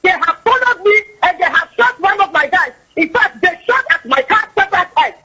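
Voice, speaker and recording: Bright high-voiced Ghanaian woman. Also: lively intonation, fairly quick, low-quality recording. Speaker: politician. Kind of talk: personal account to press.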